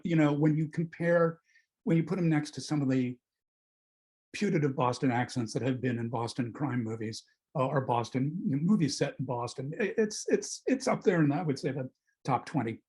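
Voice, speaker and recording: A man's voice: medium pitch, animated, normal speed, a little mellow, slightly rough, rough recording. A middle-aged man, a film critic, talking casually and discursively about a film and often correcting himself. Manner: discursive, hesitant, self-correcting. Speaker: film critic leading a film club talk.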